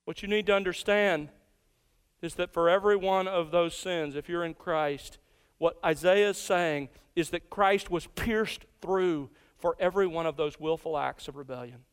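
A man preaching an expository sermon, slowing down to stress key words. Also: sits high, smooth, long reverb tail.

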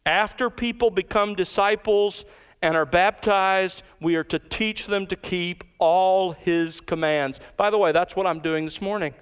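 A pastor preaching an emphatic expository sermon, slowing down to stress key words. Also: male voice, high-pitched, clear, resonant tone.

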